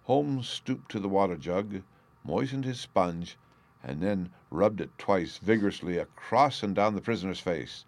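A man reading a classic story aloud as narrator, steady and unhurried. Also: mid-range voice, no room sound. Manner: steady, unhurried, slows on key phrases. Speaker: audiobook reader.

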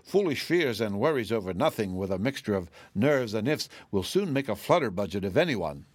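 A man reading as a modest little wizard, kindly and earnest, a bit nervous under the surface. The voice stays near his own, close and dry, with lively turns of pitch. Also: a little fast, husky, no room sound. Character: small kindly humbug wizard, grown man.

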